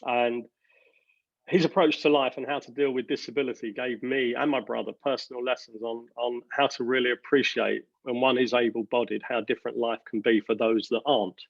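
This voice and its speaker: Man, interview guest, halting and earnest, dry muffled recording. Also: mid-range voice, fairly even intonation, gravelly, no room sound. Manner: earnest, halting, many fillers and restarts. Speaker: company director. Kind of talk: reflective interview answers.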